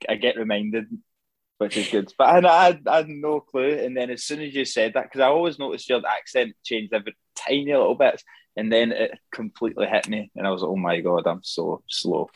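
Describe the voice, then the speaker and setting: A man's voice: on the low side, dry recording. A young man with a strong Scottish accent, a tattoo artist chatting casually, who hesitates and repeats his words. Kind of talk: casual chat.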